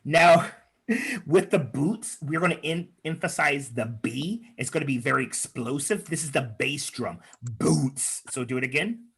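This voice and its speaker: A man's voice: on the high side, expressive, normal speed, creaky, a bit bright, husky. A man leading an online speaking workshop, chatty and encouraging, with lots of fillers, over a video call. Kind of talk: workshop talk with improv exercises.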